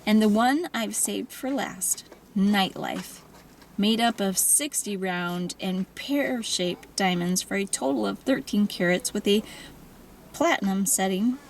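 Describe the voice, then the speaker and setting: A woman voicing an older silver-haired male jeweler with a French accent, formal and hushed, in an audiobook reading. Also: mid-range voice, slight background noise, poor audio. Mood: reverent. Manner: formal, reverent, slow and hushed.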